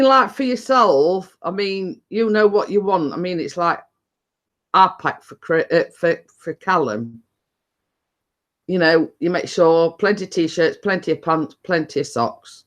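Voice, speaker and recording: A woman's voice: lowish voice, takes it slowly, pauses often, a bit bright. A middle-aged woman, chatting casually with viewers as a live stream host, laughing often and restarting her sentences.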